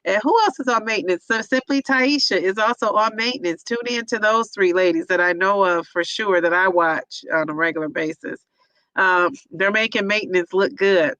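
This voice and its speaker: A woman's voice: mid-range voice, normal speed, a bit bright, no echo, rough recording. A woman hosting a casual livestream, reading viewers' comments aloud and cheering each of them on by name.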